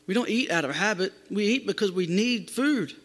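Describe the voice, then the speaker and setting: A man's voice: high-pitched, lively intonation, normal speed, fairly bright tone. A man preaching a sermon as a pastor to his church, emphatic and repeating phrases for stress. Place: church sanctuary. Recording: long hall reverb.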